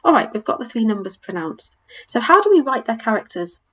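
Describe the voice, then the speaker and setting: A woman teacher giving a recorded webinar lesson over slides, upbeat and encouraging, slowly modelling sounds for learners. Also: on the high side, sing-song, background noise. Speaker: language teacher.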